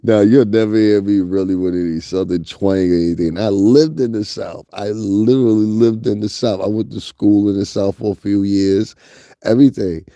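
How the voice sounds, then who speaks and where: Talking right to his audience, a Northeastern US vlogger offers gossip commentary in a low, mellow voice with fairly even intonation at normal speed. He's blunt and swears a lot; the audio is close and dry with no echo, and it sounds muffled.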